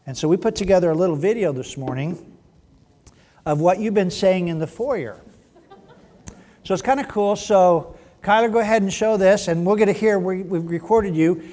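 A man preaching a sermon in a church, joking and teasing, then dropping to a hushed voice. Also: sits high, normal speed. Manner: playful, teasing, swings from loud to hushed. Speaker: pastor. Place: church sanctuary.

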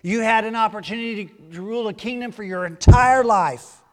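Guy preaching in church, kinda high voice, gets big and loud acting out quotes then goes real quiet. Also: a little fast. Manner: animated, acts out quotes loudly, then drops to a hushed aside. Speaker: pastor. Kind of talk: sermon.

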